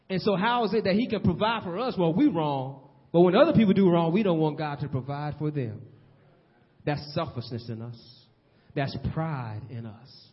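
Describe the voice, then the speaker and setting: A man preaching a sermon in a church, swinging between loud and hushed delivery. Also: on the high side. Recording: long hall reverb, dull lo-fi sound.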